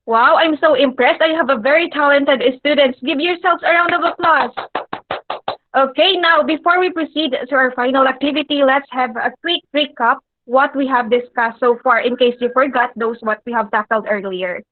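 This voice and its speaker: A woman with a high voice leads a classroom lesson and stops often to check that her students follow. Her speech is paced with deliberate pauses and an occasional filler. The recording is dry and a little dull. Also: steady tone, dry recording, soft background music. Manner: asks the class frequent check-in questions. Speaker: English teacher. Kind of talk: classroom lecture addressing students.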